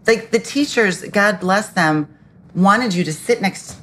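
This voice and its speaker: A woman hosting a podcast conversation, candid and quick to laugh, swearing casually. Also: medium pitch, a bit bright. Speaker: podcast host. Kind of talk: casual chat.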